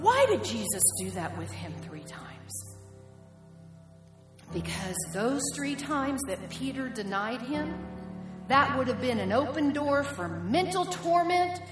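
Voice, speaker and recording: Woman preacher, high voice, lively story-style sermon, echoey hall, long reverb. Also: slow. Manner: animated storytelling that acts out the quoted characters. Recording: echoey hall with music behind.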